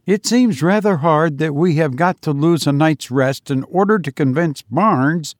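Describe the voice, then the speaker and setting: A man reading a story aloud, voicing a fussy, comfort-loving gentleman who grumbles wryly. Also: fairly high pitch, unhurried, dry recording, studio quality, pitched above the performer's own voice, natural voice. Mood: grumbling. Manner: grumbling, wry. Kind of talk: audiobook character voice.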